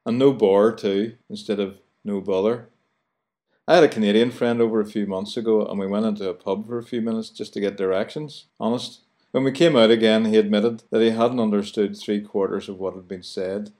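On his radio show, a man with a Belfast, Northern Ireland accent speaks in a fairly low, slightly mellow voice at a fairly quick pace. His intonation is fairly even, and he's chatty and playful, mimicking local phrases.

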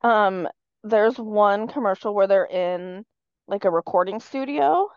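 A woman's voice: medium pitch, smooth, dry recording. Woman, casual podcast chat, blunt opinions, dull dry sound. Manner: opinionated, quick to reject slang she dislikes. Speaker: podcast co-host.

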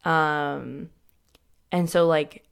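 A young adult woman tells her story candidly as a guest. Her voice sits low and has a gravelly fry. She talks in a loose, casual way, full of "like" and restarted sentences. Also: fairly even intonation, very slow. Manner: casual, heavy use of "like", frequent restarts.

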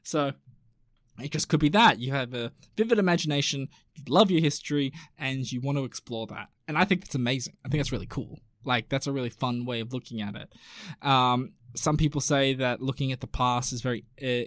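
A man's voice: medium pitch, normal speed, no echo, clean studio sound. A man hosting a podcast in a rambling, chatty way, reading out listener messages. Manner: rambling and chatty, full of fillers and asides. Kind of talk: casual chat.

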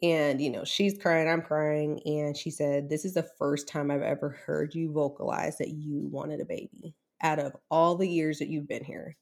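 Woman, low voice, gravelly, candid, emotional, interview guest. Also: steady tone, moderate pace, few pauses, a little mellow. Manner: candid, emotional, many fillers and restarts. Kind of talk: personal story in an interview.

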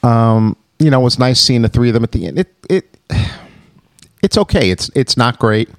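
A middle-aged man co-hosting a casual podcast about movies. He talks in animated bursts, tripping over his words and restarting often. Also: medium pitch, normal speed, no echo, studio quality. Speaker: podcast co-host.

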